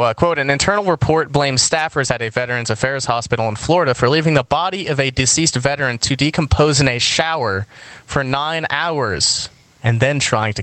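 A man's voice: medium pitch, a bit bright, dry recording. A laid-back man reads a news article on a podcast, chuckling and tripping over words now and then. His voice sits in a middle range. The recording is dry and close. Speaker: podcast co-host. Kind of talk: casual podcast chat, reading news aloud.

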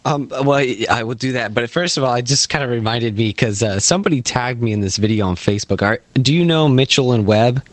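A man's voice: mid-range voice, fairly quick, few pauses, no room sound. A man co-hosting a podcast, talking casually about his farm with frequent fillers and restarts. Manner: hesitant, many fillers and restarts. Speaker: podcast co-host, farmer. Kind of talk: casual chat.

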